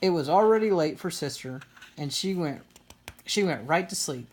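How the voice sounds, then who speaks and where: A woman reading a children's picture book aloud in an even storytelling manner. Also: low voice, normal speed, slightly rough. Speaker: storybook reader.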